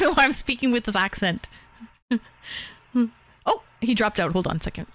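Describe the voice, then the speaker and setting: A woman's voice: a little high, moderate pace, no room sound. A woman hosting a livestream call-in, talking in a bubbly, chatty way with lots of fillers. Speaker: streamer host. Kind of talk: casual livestream chat.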